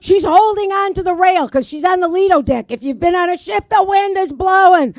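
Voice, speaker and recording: A woman's voice: extremely high pitch, a little fast, a little mellow, no echo, clean studio sound. A woman doing stand-up, telling old jokes in a brash manner and swearing at the audience. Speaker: stand-up comedian. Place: community arts center stage.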